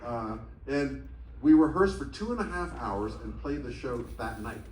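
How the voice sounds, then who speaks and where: A man telling stories to a theatre audience in an animated, comic and profane manner. He is heard through the speakers and recorded by a phone in the crowd. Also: medium pitch, normal speed, echoey room, distant mic, slight background noise, rough recording. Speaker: stage storyteller. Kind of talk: solo speaking show. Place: large theatre. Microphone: stage PA, taped on a phone in the audience. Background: faint audience ambience.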